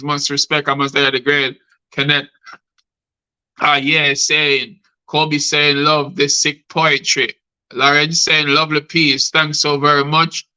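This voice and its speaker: A man's voice: fairly high pitch, pushed and bright, clear, resonant tone, low-quality recording. A middle-aged man, hosting a live show and reciting rhyming spoken-word poetry, calling his guests by name. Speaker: host and poet.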